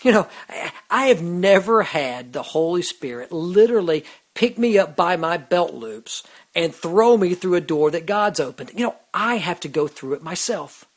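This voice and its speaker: This Christian radio host sits high in pitch and speaks at a normal speed with lively intonation. He talks about his faith in a sincere, easygoing way, often saying "you know" and starting sentences over.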